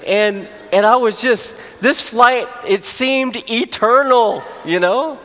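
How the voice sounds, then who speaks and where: A man, a pastor, telling a humorous personal story during a sermon, animated at the funny moments. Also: very high voice, slow. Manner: storytelling, rising to animated exclamations for comic effect. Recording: long hall reverb.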